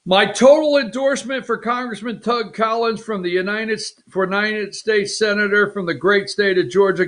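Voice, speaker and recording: High-voiced rambling male talk show host. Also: a bit bright. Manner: rambling, mocking, off-the-cuff. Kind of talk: casual political commentary.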